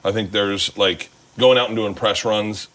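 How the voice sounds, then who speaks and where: A man's voice: lowish voice, fairly even intonation, a little slow, a bit bright. A man in his fifties hosting a cooking talk show, chatting casually while he cooks, rambling through stories with lots of swearing and frequent laughter. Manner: profane, rambling storyteller, laughs often.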